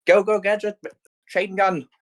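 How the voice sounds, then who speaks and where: A man voicing a cheerful, bubbly young AI girl hero in a fan story reading, with excited squealing outbursts. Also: fairly high pitch, moderate pace, pitched above the performer's own voice, close to an everyday voice. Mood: determined.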